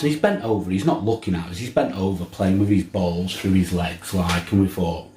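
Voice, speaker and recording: A man's voice: deep voice, moderate pace, darkish tone, echoey room, soft background music. A man, a fishing vlogger telling a rambling, swearing anecdote with lots of restarts. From England. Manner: swearing, laughing anecdote teller with many restarts. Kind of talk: casual storytelling.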